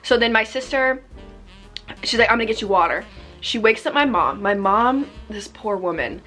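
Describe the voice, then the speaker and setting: A woman's voice: fairly high pitch, animated, moderate pace, a bit bright, soft background music. A young woman chatting casually while doing her makeup, rambling through a story with lots of fillers. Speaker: beauty vlogger. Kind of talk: casual get-ready-with-me chat.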